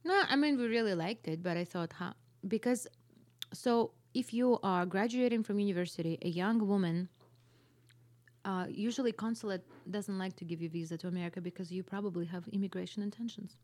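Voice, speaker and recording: A woman's voice: medium pitch, a little fast, darkish tone. A woman in her thirties from Russia with a Russian accent, a podcast guest giving dry, playful comebacks in casual chat.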